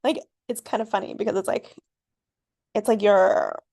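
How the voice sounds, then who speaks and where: A woman talks through her thoughts on her solo podcast, wandering from point to point and leaning on fillers with frequent laughs. Her voice sits at a middle pitch. The sound is close and dry, with no room around it. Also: moderate pace, gravelly, warm tone, no room sound. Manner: rambling, filler-heavy, laughs often. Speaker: podcast host. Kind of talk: reflective solo podcast monologue.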